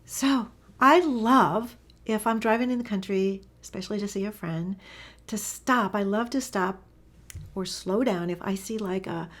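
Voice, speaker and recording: Soft-spoken woman teacher, often whispering. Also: mid-range voice. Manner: enthusiastic, storytelling. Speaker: animal communication teacher. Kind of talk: casual spoken lesson.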